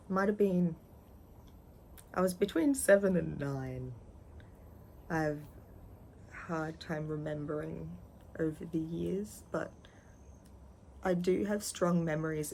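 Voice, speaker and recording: A young adult trans man telling personal stories in a candid, rambling vlog, pausing often. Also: a little high, gravelly, a little mellow, a little hiss or hum, rough recording. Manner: candid, rambling, halting with frequent pauses. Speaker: vlogger.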